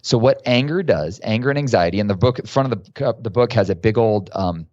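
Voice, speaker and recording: A man, a guest author and coach, telling stories in a casual, lively way during a podcast interview. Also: lowish voice, brisk, dry recording, lo-fi sound.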